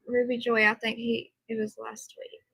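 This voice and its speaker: Bright-voiced woman chatting on a livestream. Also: fairly high pitch, completely flat delivery, normal speed, creaky, slightly rough, poor audio. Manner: chatty, reads and answers viewer comments. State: tired. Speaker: livestream host. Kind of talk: casual livestream chat.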